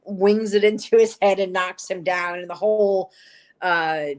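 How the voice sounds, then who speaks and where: A woman's voice: mid-range voice, steady tone, measured pace, darkish tone. A woman co-hosting a podcast, recapping episodes in a rambling, chatty way full of fillers and restarts. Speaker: podcast co-host. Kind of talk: casual chat recapping episodes.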